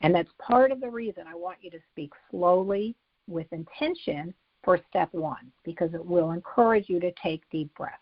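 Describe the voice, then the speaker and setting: Husky-voiced woman teaching step by step. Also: lowish voice, normal speed, no echo, lo-fi sound. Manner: methodical, walks through numbered steps. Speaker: psychologist explaining a method to parents. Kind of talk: instructional talk.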